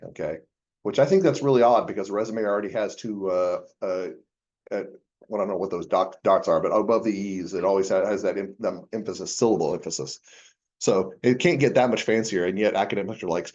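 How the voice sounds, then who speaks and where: A man's voice: on the low side, a little mellow, muffled recording. A male accounting professor giving a conversational university lecture, asking the class rhetorical questions with frequent fillers.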